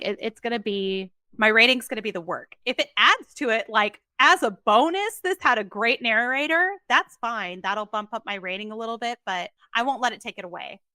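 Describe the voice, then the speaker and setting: A woman's voice: medium pitch, sharp tone, smooth, dry recording. A young woman co-hosting a podcast, chatting casually in an emphatic, talkative way. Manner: chatty, emphatic, quick asides. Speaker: podcast co-host. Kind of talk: casual chat.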